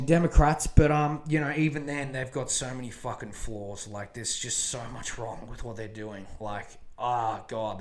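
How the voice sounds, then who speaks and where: A man hosting a podcast, giving casual political commentary in a rambling, profane rant full of fillers and restarts. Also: mid-range voice. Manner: profane, rambling, animated rants with many fillers. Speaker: podcast host.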